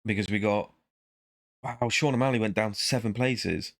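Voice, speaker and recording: A man's voice: lowish voice, moderate pace. A man vlogging in a casual, rambling monologue, talking to himself and breaking off mid-thought. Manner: rambling, self-interrupting, muttering to himself.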